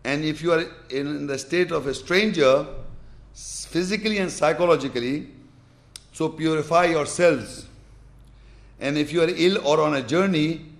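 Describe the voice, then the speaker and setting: A man giving a religious lesson, explaining and demonstrating step by step with emphatic, repeated instructions. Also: on the high side. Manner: emphatic, repetitive, demonstrates with gestures. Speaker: Islamic teacher.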